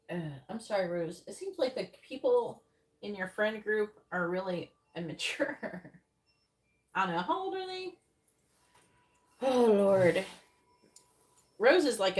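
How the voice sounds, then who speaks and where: Woman tarot reader, live stream, mid-pitched, blunt and foul-mouthed, mutters card pulls under her breath, laughs easily. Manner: blunt and profane, with frequent laughter; mutters card draws in a low, quick undertone. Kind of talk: live-streamed tarot reading, casual chat.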